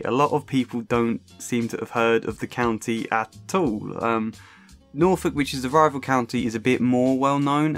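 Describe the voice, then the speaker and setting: A man with a faint English accent, his Suffolk roots barely showing, talks through a personal film essay into a close microphone. He speaks in a relaxed, rambling, self-aware way, often breaking off with a small laugh or an "um". Faint music plays quietly behind him. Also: medium pitch. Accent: faint English, Suffolk traces. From Suffolk, England. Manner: chatty, self-aware, with frequent soft laughs and ums. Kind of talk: personal video essay narration. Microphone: close home microphone.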